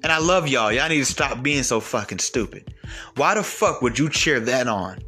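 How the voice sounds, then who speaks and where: Bright, animated man ranting bluntly. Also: medium pitch, normal speed, faint music behind. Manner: blunt, profane and heated. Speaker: online commentator. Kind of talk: ranting monologue to camera.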